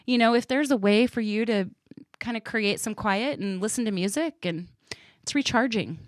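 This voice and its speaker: A woman's voice: on the high side, moderate pace, dry recording. Female co-host, wry teasing banter, dry close mic. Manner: wry, teasing, storytelling with asides. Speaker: podcast co-host. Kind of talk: casual chat.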